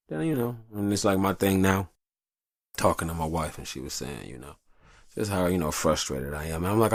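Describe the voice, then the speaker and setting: Deep gravelly man, animated monologue. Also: moderate pace, pauses often, no room sound, clean studio sound. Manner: profane, rambling and confessional. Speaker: podcast host. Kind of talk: casual monologue. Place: hot upstairs room.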